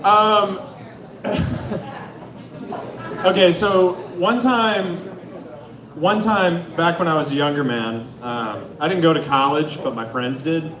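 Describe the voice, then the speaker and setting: Loud animated stand-up comic man. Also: on the high side, slow pace, long pauses, muffled recording, crowd noise. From Atlanta, Georgia. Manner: loud, animated storytelling with sudden shouts. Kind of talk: stand-up comedy set. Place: comedy club on stage. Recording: echoey club from far off, noisy.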